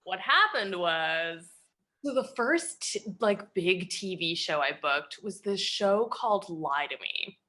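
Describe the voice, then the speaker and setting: A young woman, an actress and comedian, telling casual anecdotes as a guest, animated and laughing often as she acts out the people in her story. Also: fairly low pitch, takes it slowly.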